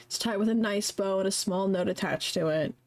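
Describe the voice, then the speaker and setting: A woman's voice: mid-range voice, fairly quick, gravelly, crowd noise. A young woman streaming a story game live, chatting casually, giggling, swearing freely and reading the story text aloud.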